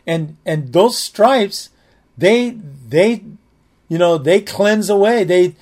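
A man's voice: sits high, lively intonation, slow, a little mellow. A man preaching a sermon, telling a personal story in a rambling, conversational way with many restarts, often saying "man" and "amen".

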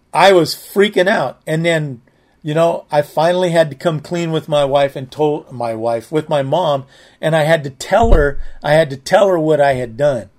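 A man's voice: fairly high pitch, a little mellow. Rambling conversational male preacher. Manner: rambling, conversational, many restarts; says "man" and "amen" often. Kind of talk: sermon with personal story.

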